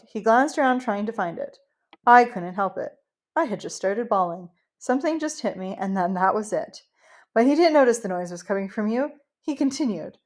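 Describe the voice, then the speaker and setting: A woman narrating a first-person novel as an audiobook in an emotional, heartfelt, expressive way. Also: medium pitch.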